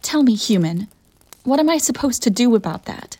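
A woman's voice: a little high, animated, moderate pace, warm tone, no room sound. A woman voicing a proud, bored, centuries-old female succubus in an audio role-play for the listener, haughty and theatrical. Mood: grumbling. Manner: haughty and theatrical, defensive when pressed.

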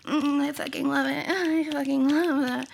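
High, breathy woman in erotic role-play. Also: steady tone, normal speed, a little hiss or hum. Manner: breathy, moaning, pleading. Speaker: erotic audio performer.

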